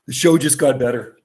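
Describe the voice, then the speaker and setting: A man's voice: mid-range voice, slight background noise. Chatty rambling man livestreaming. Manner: rambling, chatty, laughs often. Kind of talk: casual livestream chat. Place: vacation home by the sea.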